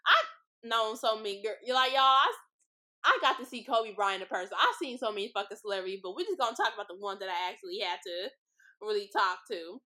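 Speaking at medium pitch with lively intonation, the same young LA podcast host sounds brisk and sharp. Cars go by at her street-side spot while she chats through a casual, profane story, saying "like" and "y'all" constantly.

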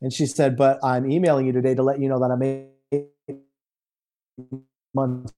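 A man's voice: medium pitch, little pitch movement, moderate pace, dark tone, soft background music. A man speaking as a guest minister, telling a personal testimony in a conversational way and acting out the dialogue in quotes over a remote call. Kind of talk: storytelling testimony.

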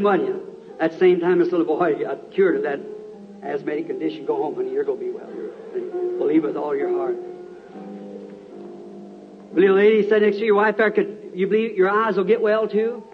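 Earnest preacher man on dull old tape. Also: sits high. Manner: earnest, calls out to people in the crowd. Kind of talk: healing-service sermon.

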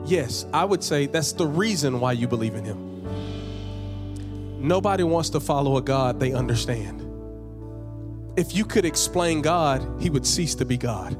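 A man preaching a sermon as pastor, repeating phrases and building to emphatic high peaks, sometimes dropping into casual slang. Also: animated, normal speed, long pauses, music in the background. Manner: conversational, uses casual slang.

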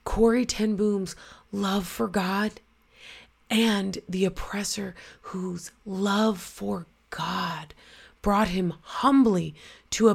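A woman's voice: mid-range voice, creaky, husky. A woman podcast host reading a first-person story aloud and then reflecting on it earnestly.

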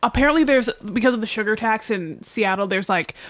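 A woman's voice: a little high, a little fast. A woman co-hosting a casual chat, telling stories and acting out the lines of people in them. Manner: animated storytelling, acts out dialogue.

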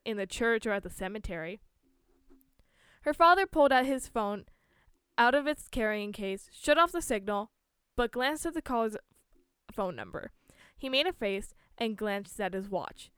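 A woman's voice: a little high, a bit bright, clean tone, no room sound. A woman reading a spooky story aloud, with small slips and restarts as she goes.

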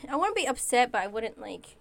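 A woman co-hosting a podcast, telling stories in a relaxed, casual chat. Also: fairly high pitch, a little fast, creaky, crowd noise. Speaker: podcast co-host.

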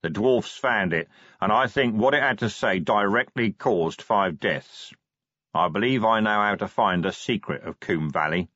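A man voicing a clever male troll who speaks quietly and patiently, like a school teacher. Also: on the low side, dry recording, highs cut off. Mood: calm, measured. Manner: measured, patient, lightly teasing.

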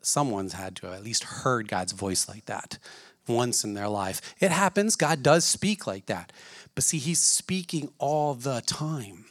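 A man's voice: mid-range voice, animated, unhurried, dry recording, clean studio sound. A man preaching a sermon in an earnest way, asking his listeners many questions. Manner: earnest, asks the audience questions.

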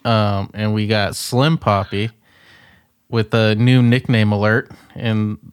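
A man's voice: lowish voice, steady tone, takes it slowly, clean tone, no echo. A man co-hosting a podcast, introducing the crew in laid-back casual chat with dry remarks. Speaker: podcast co-host.

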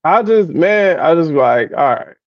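A man's voice: on the high side, animated, unhurried, no room sound, lo-fi sound. A man co-hosting a casual podcast chat, telling stories animatedly, doing impressions of his relatives and laughing often. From American South. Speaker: podcast co-host.

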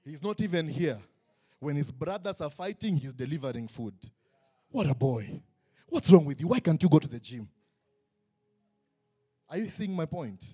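Animated pastor preaching, fairly high voice. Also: male voice. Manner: animated, joking, acts out quotes. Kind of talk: sermon. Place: church tent.

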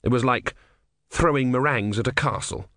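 A man's voice: medium pitch, normal speed, a bit bright, no room sound. A man narrating a comic fantasy audiobook with dry, wry delivery.

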